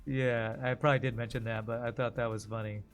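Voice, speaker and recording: A man's voice: mid-range voice, flat delivery, fast, faint music behind. A man casually commenting on his gameplay while streaming, joking with his chat between moves. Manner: chatty, jokey, talks to chat while playing. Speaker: game streamer.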